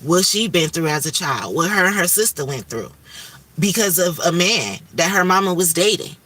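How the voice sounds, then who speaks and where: Bright-voiced woman's candid livestream talk. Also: fairly low pitch, animated, moderate pace, far from the mic. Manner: candid, emphatic, swears freely, spiritual talk. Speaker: livestream host.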